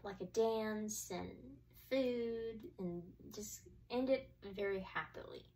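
A woman's voice: mid-range voice, slow. Young woman chatting, distant mic. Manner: relaxed, trailing restarts, frequent mm-hmms. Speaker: co-host. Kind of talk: casual chat.

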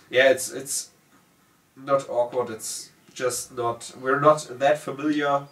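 A German man with a German accent, casually reading out viewer comments in halting, self-correcting English. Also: medium pitch, fairly bright tone. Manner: halting, self-correcting, laughs at own words. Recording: roomy sound from a distant mic.

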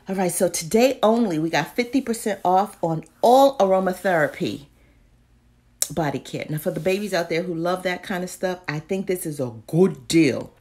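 Woman vlogger, husky gravelly voice, chatty, mutters whispered asides. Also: on the low side, measured pace, long pauses, darkish tone. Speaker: vlogger doing a live deal check-in. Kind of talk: casual chat.

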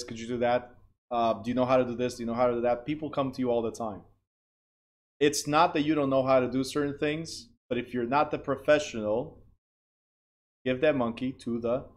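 A man teaching a real estate class in a plain, direct way, often checking that students understand. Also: medium pitch.

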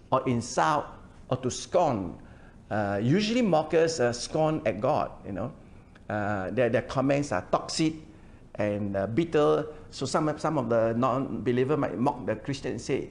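Older pastor with a gravelly voice. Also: male voice, mid-range voice, animated, measured pace. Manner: frequent hesitations, repeats words, explains verse by verse. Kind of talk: sermon. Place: church.

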